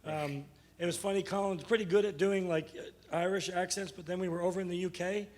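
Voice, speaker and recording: A man with a raspy voice and a New York accent, joking through a casual panel discussion. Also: sits high, fairly even intonation, slight background noise. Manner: joking, quick banter. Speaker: panel moderator. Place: conference panel room.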